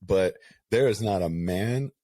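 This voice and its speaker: Low-voiced candid male co-host. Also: slow, dry recording. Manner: candid, animated storyteller, rambling with many asides. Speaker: podcast co-host. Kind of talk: casual chat.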